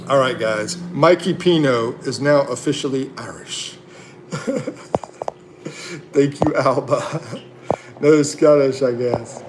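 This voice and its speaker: A man's voice: medium pitch, takes it slowly, pauses often, background noise. A man hosting a casual livestream, reading viewer comments aloud and chatting back with laughs and fillers. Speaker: livestream host.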